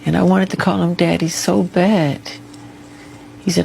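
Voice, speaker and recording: A man giving a television interview. He speaks softly and haltingly. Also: sits high, level tone, creaky, a little hiss or hum, rough recording.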